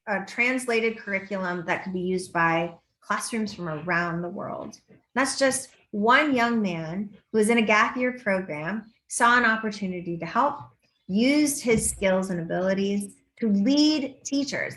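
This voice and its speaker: A woman's voice: medium pitch, a bit bright. A middle-aged woman giving a talk at a forum in a medium voice, telling stories and slipping into quoted back-and-forth dialogue. The sound carries a roomy echo. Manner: storytelling, acts out quoted exchanges. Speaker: education speaker.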